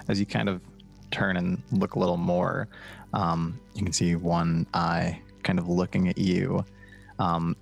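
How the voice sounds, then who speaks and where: Brief: game master, deep gravelly man, unhurried narration, faint music underneath. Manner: relaxed, filler-laden description.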